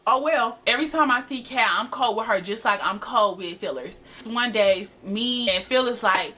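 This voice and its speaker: A young woman of eighteen with a bright, forceful voice pitched a little high, spilling a workplace story to camera. Sassy and dramatic, she keeps talking straight to her viewers. A faint hiss sits under her camera-mic recording. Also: lively intonation, moderate pace, hardly any pauses. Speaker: vlogger telling a story. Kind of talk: casual storytime chat to camera. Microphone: built-in camera mic.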